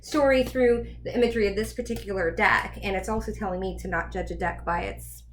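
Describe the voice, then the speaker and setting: A woman's voice: mid-range voice, a little fast, slight background noise. A woman giving a casual tarot reading, chatty and rambling as she thinks aloud. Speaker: tarot reader.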